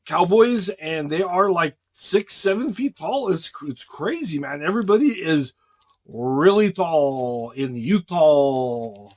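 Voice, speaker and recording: A man in character as a vlogger, rambling in a slow, deadpan comic monologue and calling the listener brother, recorded in a truck cab. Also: on the high side. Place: truck cab on a driving break.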